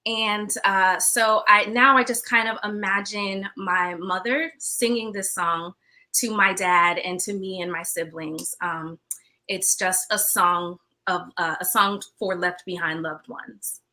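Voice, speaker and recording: A woman singer and stage actress answering interview questions in a reflective, halting, heartfelt way. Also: mid-range voice, steady tone, sharp tone.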